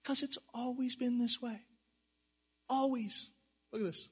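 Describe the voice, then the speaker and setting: A man preaching a sermon, animated, firing off rhetorical questions and acting out quotes. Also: very high voice, a little slow, husky. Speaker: pastor.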